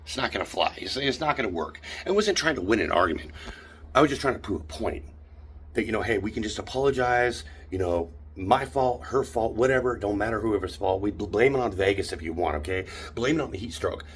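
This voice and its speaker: A man telling an indignant, animated story in a ranting vlog, filmed on a handheld phone in a hotel room. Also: on the low side, brisk, a little hiss or hum. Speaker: vlogger.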